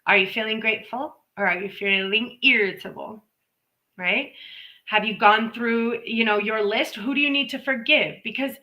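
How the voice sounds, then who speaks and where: Woman, live-stream reader, chatty and rambling, bright voice, slightly high. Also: moderate pace, poor audio. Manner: chatty, rambling, with playful asides and acted-out inner voices. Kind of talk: casual live-stream talk. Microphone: live stream microphone.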